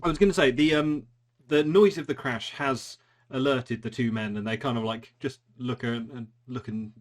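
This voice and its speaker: A man narrating a tabletop game as game master, halting with frequent ums. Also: mid-range voice, steady tone. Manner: hesitant, many ums and restarts.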